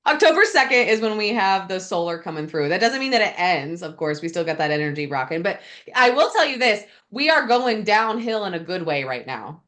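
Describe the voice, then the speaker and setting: A woman's voice: mid-range voice, very animated, fairly quick, hardly any pauses, a bit bright. Slangy, enthusiastic woman podcast host. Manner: enthusiastic, slangy, swears freely. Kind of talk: casual chat.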